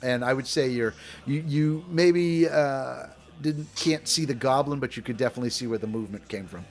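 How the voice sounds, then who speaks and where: A man's voice: mid-range voice, moderate pace, a little mellow. A man running a tabletop game as dungeon master, rambling with many fillers and frequent laughs. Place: home streaming setup.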